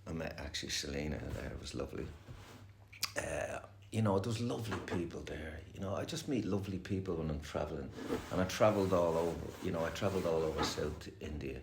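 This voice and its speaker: A gravelly, extremely low voice belongs to a middle-aged man talking at a quick pace. His personal share at a recovery meeting rambles, stays candid and swears a lot, captured in an echoey room with faint noise.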